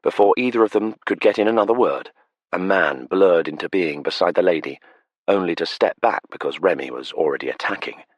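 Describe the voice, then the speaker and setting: A man with a very deep, husky voice narrates an audiobook in a steady, measured way. The close studio recording is completely dry. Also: no room sound. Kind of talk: scripted narration. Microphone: close studio mic.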